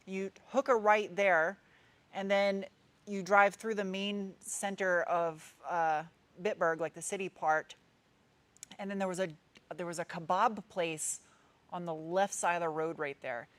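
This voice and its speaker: A woman in her thirties with a New England accent, talking in a slightly low voice. She hosts a casual live stream and answers viewer comments in a loose, meandering way, circling back and restarting her sentences. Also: steady tone, a little slow. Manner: chatty, rambling, meandering with frequent restarts. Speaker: car channel host.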